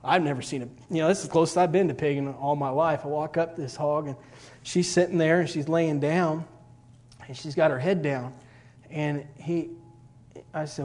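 A man's voice: fairly high pitch, fairly even intonation, moderate pace, darkish tone. A middle-aged man, telling a rambling personal story in a sermon, full of fillers. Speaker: preacher.

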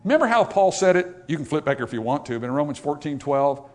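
A man preaching a sermon, emphatic, rising to loud, raised passages and dropping to quiet asides, reading scripture in old-fashioned wording. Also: on the high side, very animated, fast talker.

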